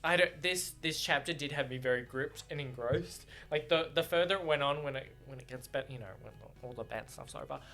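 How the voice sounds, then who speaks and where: Excitable man with a bright voice. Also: medium pitch, a little fast, hardly any pauses. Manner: excitable, swears freely, laughs often. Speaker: book reaction vlogger. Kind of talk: casual chat.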